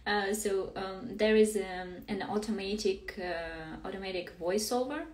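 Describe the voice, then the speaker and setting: A woman's voice: medium pitch, measured pace, darkish tone. A young woman, a native Russian speaker, chatting casually on a live stream, hesitant, with many fillers and frequent laughs. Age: young adult. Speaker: master's student. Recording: roomy room, mic at a distance.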